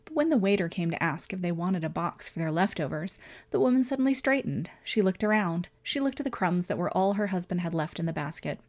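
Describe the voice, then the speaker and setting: A woman narrating a short story aloud, raising her voice higher and louder for the characters' lines. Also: lively intonation, brisk. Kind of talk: storybook reading.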